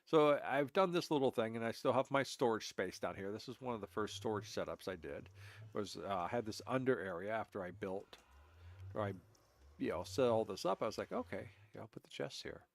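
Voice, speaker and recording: A man's voice: on the low side, fairly quick. A man streaming a game, congested and stuffy-voiced from allergies, giving a rambling, self-correcting walkthrough of his builds. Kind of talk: casual gameplay commentary.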